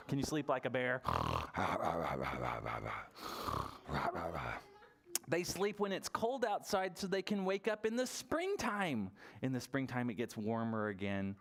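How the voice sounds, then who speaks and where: A man at a mid pitch leads toddler story time in a library room, speaking in a bouncy sing-song. He asks small children one playful question after another and coaxes them to join in the actions.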